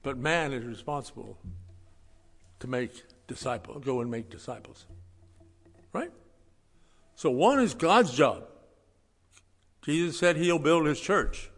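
A man preaching a sermon in a folksy, conversational way, swinging between loud stressed words and quiet asides. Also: on the high side, expressive, takes it slowly, long pauses, big-room sound. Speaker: pastor.

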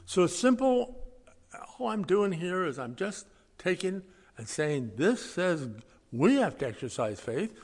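Male pastor, fairly high voice, folksy and emphatic sermon delivery, long hall reverb. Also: sing-song, unhurried. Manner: emphatic, swings between loud stresses and quiet asides; folksy, conversational preaching.

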